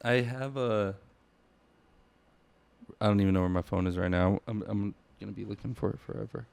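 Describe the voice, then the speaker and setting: A man's voice: on the low side, fairly even intonation, moderate pace, creaky, darkish tone, clean tone, dry recording. A young man hosting a casual book podcast, rambling with fillers and teasing his partner. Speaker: podcast host. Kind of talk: casual chat about a book.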